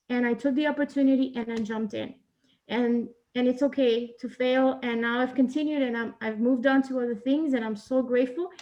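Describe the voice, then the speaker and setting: Earnest woman coach, high voice, emotional and repetitive, dull video-call audio. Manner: earnest, emotional, repeats phrases for emphasis. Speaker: agile coach sharing a story. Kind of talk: heartfelt personal talk.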